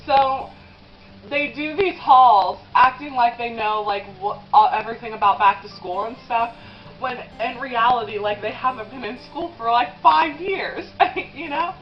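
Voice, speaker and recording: Speaking a little slowly in a fairly high voice, this twenty-something vlogger eats as she confides to the camera, sometimes close to tears and filling her rambling with "um" and "like." The recording sounds muffled, and faint music plays behind her.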